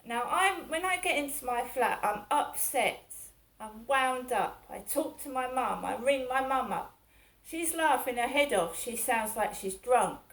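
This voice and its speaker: With a high, expressive, fairly bright voice at a measured pace, this middle-aged vlogger recounts her day. Her personal monologue is rambling and aggrieved, looping back as she repeats herself.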